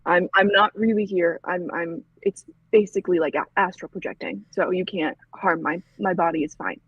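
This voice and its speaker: A woman playing an earnest young man who reassures a friend in halting speech full of restarts, on a dull, dry lo-fi mic. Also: high-pitched, fairly even intonation, slightly rough, no room sound. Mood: reassuring.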